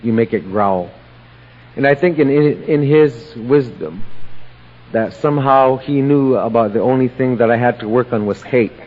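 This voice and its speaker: Man telling his story in a reverberant hall. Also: medium pitch. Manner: slow, plain-spoken storytelling with pauses. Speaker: AA meeting speaker. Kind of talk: personal recovery story told to a meeting. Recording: lo-fi audio with long hall reverb.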